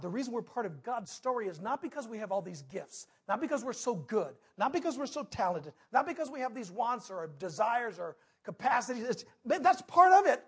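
A man preaching a sermon, telling a personal story with big swings between loud outbursts and hushed moments. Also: high-pitched, breathy edge. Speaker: pastor.

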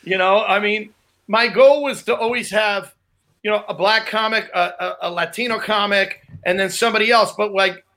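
A man hosting a casual talk show, chiming in with quick agreements. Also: high-pitched, fairly even intonation, sharp tone. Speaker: podcast host. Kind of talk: casual chat.

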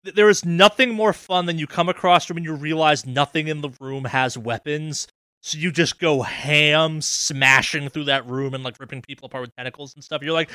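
A man co-hosting a casual podcast chat; he talks with excitement and often stumbles over repeated words as he starts a sentence. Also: on the high side, normal speed, clear, resonant tone, dry recording. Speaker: podcast co-host.

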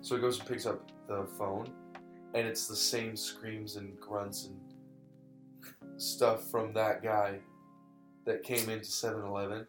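A man's voice: lowish voice, flat delivery, measured pace, long pauses. A young man telling a creepy story in casual chat, rambling and stopping to correct himself. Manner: rambling, restarts and apologizes, says dude and bro. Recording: echoey room, faint guitar music.

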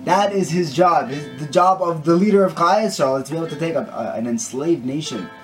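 A man's voice: fairly high pitch, a little fast. Earnest man giving a short Torah talk. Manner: earnest, conversational, with frequent restarts. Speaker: Torah teacher. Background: guitar music.

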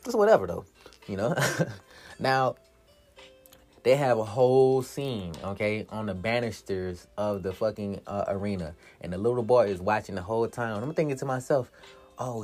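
A man talking through a movie scene by scene in loose, profane slang, laughing as he goes. His pitch sits in the middle of the male range, and faint music plays underneath. He acts out the characters' lines himself. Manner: profane, animated, laughs often, acts out quotes. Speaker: movie recapper. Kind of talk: casual movie recap monologue.

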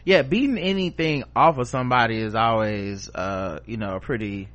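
A man co-hosting a podcast in casual chat, making wry deadpan asides and now and then putting on mock-posh voices. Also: mid-range voice, normal speed, lo-fi sound. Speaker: podcast co-host.

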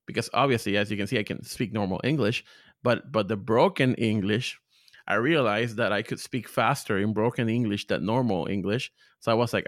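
A man speaking English with a Spanish accent, a podcast guest telling stories in a lively, profane, joking way. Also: no room sound, studio quality. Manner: animated storyteller, big pitch jumps, profane. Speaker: podcast guest, content creator. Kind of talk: casual interview chat.

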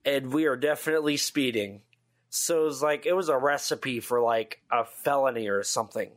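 Speaking at a moderate pace with a medium-pitched voice, a weary male podcast co-host chats casually. His talk is loaded with fillers and frequent restarts.

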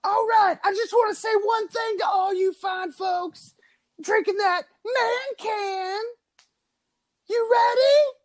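A man putting on the screaming high voice of a male rock frontman, yelling stage banter at a crowd in falsetto and half-singing his lines. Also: slow, rough recording. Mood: hyped.

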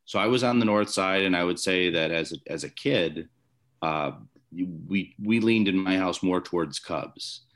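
Deep-voiced and unhurried, with a slightly bright tone, the guest is a former baseball umpire from the Chicago area, USA. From his home office he shares stories in a conversational interview, full of rambling restarts and fillers.

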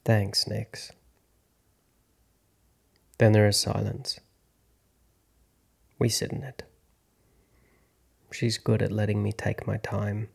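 Slow, low-voiced man telling a story. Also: flat delivery, vocal fry, husky. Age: 30s. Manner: slow, reflective, hushed. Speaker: podcast host, actor. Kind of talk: first-person storytelling narration.

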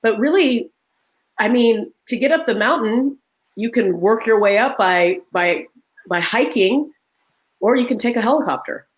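Woman telling lively anecdotes. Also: on the high side, unhurried, poor audio. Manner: animated storytelling, acts out quoted voices. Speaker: guest author and leadership trainer. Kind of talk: conversational interview.

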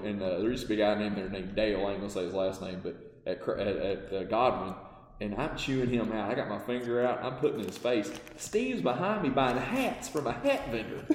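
A man telling lively business stories as a podcast guest, acting out the dialogue. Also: medium pitch. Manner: animated storyteller, acts out dialogue, laughs often. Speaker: guest, parts company owner. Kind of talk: casual storytelling in a podcast interview. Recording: roomy with long reverb.

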